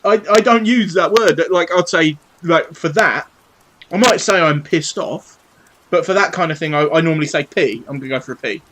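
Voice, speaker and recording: This British man in his thirties has a slightly high, fairly bright voice at normal speed, captured in a rough recording with a little hiss or hum. He live-streams himself painting models at his home desk, chatting cheekily and swearing playfully.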